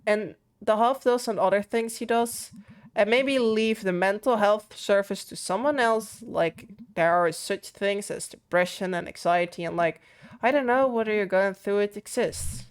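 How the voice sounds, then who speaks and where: A woman's voice: mid-range voice, a little slow, clean tone, close to an everyday voice. A woman reading the lines of a blunt but caring young woman friend, frank and offhand. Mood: concerned.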